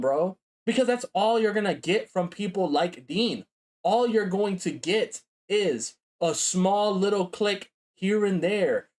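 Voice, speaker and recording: A man streamer reacting to a video, talking casually and bluntly with lots of swearing and "bro". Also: high voice. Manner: casual, profane, says bro and like a lot.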